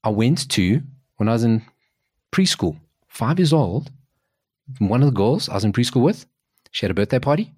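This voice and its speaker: A man in his forties co-hosting a podcast, telling stories in casual chat, excitable, with many restarts. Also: normal speed, long pauses, husky, no echo, clean studio sound. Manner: animated storyteller, jumps in pitch, restarts often. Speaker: podcast co-host.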